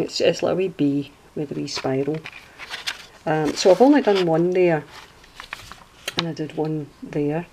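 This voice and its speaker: A Scottish woman with a low, deep voice chats her way through a craft project at home. She rambles easily between asides, like a host talking to her regular viewers. A faint hiss sits under the recording. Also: a little mellow, rough recording. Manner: chatty, rambling, homely asides. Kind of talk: casual craft walkthrough. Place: at home indoors.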